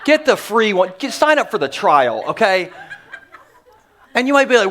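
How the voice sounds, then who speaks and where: A male pastor preaching to a church congregation in a joking, energetic manner with quick asides. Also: high-pitched. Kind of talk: humorous sermon. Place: church sanctuary before a congregation.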